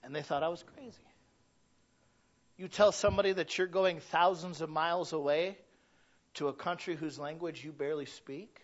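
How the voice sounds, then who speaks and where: A middle-aged Midwestern man preaching in a high voice. He talks to the congregation conversationally, dropping to quiet asides and then rising to loud, emphatic peaks. The recording sounds dull and lo-fi. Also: fairly even intonation, normal speed, pauses often. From Michigan. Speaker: pastor. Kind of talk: sermon.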